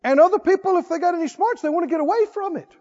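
A man's voice: very high-pitched, very fast, a little mellow. A male preacher delivering a sermon, firing rhetorical questions and repeating words for emphasis, on a dull lo-fi recording.

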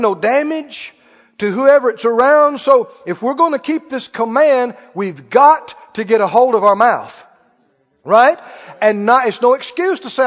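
A man's voice: very high-pitched, animated, measured pace, a bit bright. A man preaching a sermon as pastor, talking conversationally and quizzing his congregation with questions. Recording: muffled, reverberant hall.

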